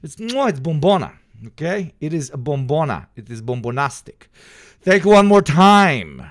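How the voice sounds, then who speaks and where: A young adult male streamer chatting casually with his viewers, swearing freely and swinging from exaggerated outbursts to low mutters. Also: big pitch swings, moderate pace, no room sound, clean studio sound. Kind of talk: casual live stream chat.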